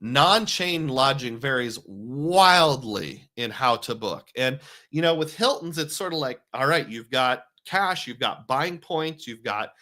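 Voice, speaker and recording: A man's voice: medium pitch, expressive, a little slow, pushed and bright. A man hosting a live stream, chatting casually and thinking aloud as he reads viewer comments. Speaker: host.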